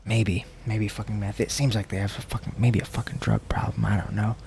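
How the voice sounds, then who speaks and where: A man from the United States chats casually while livestreaming a video game, rambling, swearing, and sometimes slipping into low murmurs and whispers. His gravelly, darkish voice has a flat delivery and a slightly fast pace, with slight background noise.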